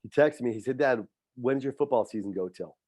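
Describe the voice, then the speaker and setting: Middle-aged coach, earnest and heartfelt, mid-pitched, dry close sound. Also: male voice, fairly quick, a little mellow, no echo. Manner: heartfelt, faith-filled, repeats words when moved. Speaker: high school football coach and teacher. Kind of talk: emotional podcast interview.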